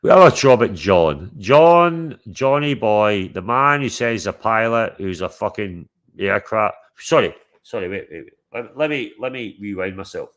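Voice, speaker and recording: A man's voice: fairly low pitch, expressive, unhurried, hardly any pauses, fairly bright tone. A man hosting a livestream, chatting casually to his chat, teasing and swearing freely. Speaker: livestream host.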